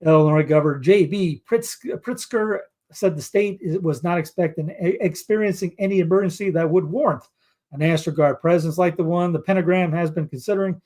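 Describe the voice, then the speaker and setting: A man's voice: sits high, fairly quick, darkish tone. A man hosting a commentary show, reading news headlines aloud in a rambling, casual way with asides.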